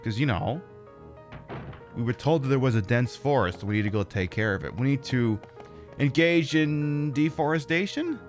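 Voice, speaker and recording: A man's voice: medium pitch, animated, normal speed, faint music behind. A man with a North Jersey accent giving casual, joking and profane commentary while streaming a game. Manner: profane, joking, talks to chat.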